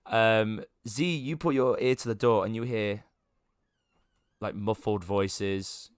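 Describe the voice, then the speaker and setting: A man runs a tabletop game in a low, unhurried voice, padding his descriptions with ums and likes. The sound is dry and close, with no room around it. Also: clear, resonant tone, no echo. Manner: relaxed, filler-heavy describing. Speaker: game master.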